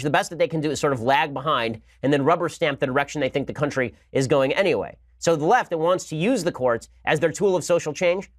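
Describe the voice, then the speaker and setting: Rapid-fire sarcastic male host. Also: on the high side, no echo, studio quality. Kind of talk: political commentary monologue.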